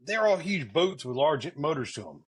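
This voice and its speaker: A man's voice: fairly high pitch, big pitch swings, moderate pace. A middle-aged man co-hosting a podcast in casual chat, laid-back and stammering on his words. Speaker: podcast co-host.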